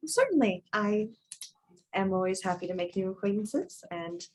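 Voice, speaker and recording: A woman's voice: mid-range voice, flat delivery, moderate pace. A woman playing a tabletop game, speaking in character in a polite, earnest, formal way. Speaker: player. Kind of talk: in-character tabletop role-play.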